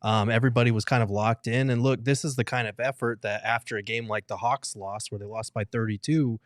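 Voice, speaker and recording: A man on a sports podcast, breaking down the game in a measured, analytical way. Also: mid-range voice, steady tone, dry recording, studio quality.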